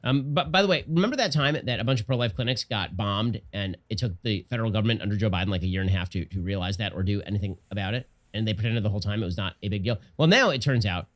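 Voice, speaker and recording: Fast-talking sarcastic male commentator. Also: lowish voice. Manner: mocking, deadpan sarcasm. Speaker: political commentator.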